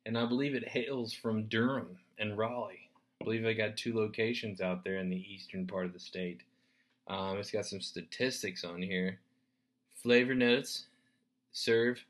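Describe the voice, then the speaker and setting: Profane, animated man ranting on a podcast. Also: lowish voice. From United States. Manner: profane, animated, swings between shouting and muttering. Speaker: podcast host. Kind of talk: rambling solo podcast rant.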